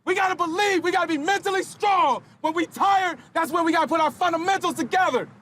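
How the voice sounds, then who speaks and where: A man giving a fired-up, profane motivational speech to his football team, shouting much of it. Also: extremely high pitch, fast talker, a little hiss or hum. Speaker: football player addressing team. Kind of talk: locker-room motivational speech.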